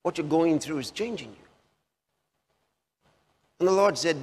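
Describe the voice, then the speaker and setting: Slow-preaching man in a reverberant hall. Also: a little high, animated, breathy edge. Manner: slow, repeats phrases for emphasis, drawn-out pauses. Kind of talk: sermon.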